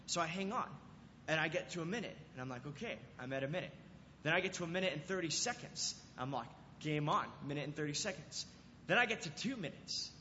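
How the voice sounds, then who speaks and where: Animated young-sounding male preacher. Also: a little high, slight background noise. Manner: animated storytelling, acts out his own past lines. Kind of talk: sermon with personal story. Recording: dull, roomy recording with long reverb in a hall.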